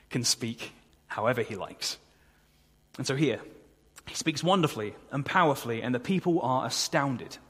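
A man preaches a sermon in an earnest, conversational way, now and then asking the congregation to agree. His voice is somewhat husky. The sound rings with long reverb from the church hall. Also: medium pitch.

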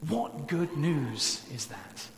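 Earnest pastor preaching in an echoey hall. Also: male voice, fairly high pitch, sing-song, gravelly. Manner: earnest, pleading, slows down to stress key points. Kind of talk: sermon. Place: church sanctuary. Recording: echoey church hall, faint hum.

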